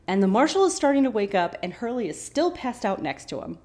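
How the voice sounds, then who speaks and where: A woman hosting a podcast, casually recapping a TV episode with animated, chatty asides. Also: a little high, brisk. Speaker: podcast host.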